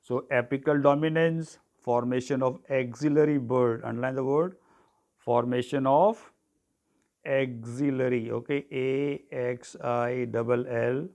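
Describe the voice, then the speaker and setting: A teacher giving a tutorial, dictating notes, spelling terms letter by letter, often saying "okay". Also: male voice, medium pitch, fairly even intonation, unhurried, a little mellow. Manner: repeats "okay" and "so", clears throat often. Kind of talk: classroom tutorial.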